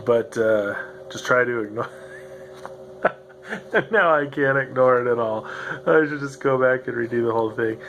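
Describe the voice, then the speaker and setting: A man hosts a rambling solo podcast from a home room where a computer fan grinds in the background, talking loosely and profanely and laughing often. His mid-range voice is fairly bright, at normal speed with frequent pauses, and there's slight background noise.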